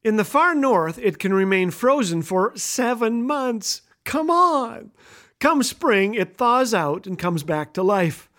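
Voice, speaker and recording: A man's voice: high-pitched, lively intonation, unhurried, hardly any pauses, fairly bright tone. A middle-aged man hosting a humorous radio talk, telling stories playfully and laughing at his own jokes. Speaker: radio host. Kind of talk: humorous storytelling monologue.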